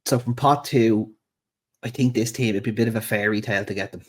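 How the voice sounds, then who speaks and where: A man's voice: fairly low pitch, brisk, husky. A man co-hosting a football podcast, laid-back, swearing casually and laughing easily. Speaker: podcast co-host.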